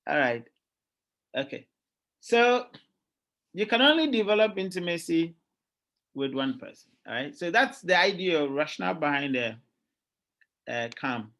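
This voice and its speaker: A middle-aged man with a Ghanaian accent, giving a lively classroom lecture as a university lecturer and often checking in with his students. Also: a little high, creaky. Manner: lively, keeps checking in with "all right?" and quizzing students.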